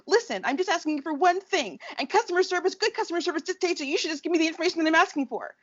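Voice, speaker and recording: A woman's voice: very high voice, animated, very fast, fairly bright tone, muffled recording, voice pushed up. A woman putting on the voice of a demanding, indignant customer.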